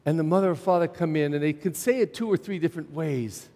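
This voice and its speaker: A middle-aged man preaching from the pulpit in a fairly high voice, leaning on repetition and rhetorical questions. His words ring out with a long reverb through the church. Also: fast talker, mellow. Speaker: pastor. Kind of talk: sermon.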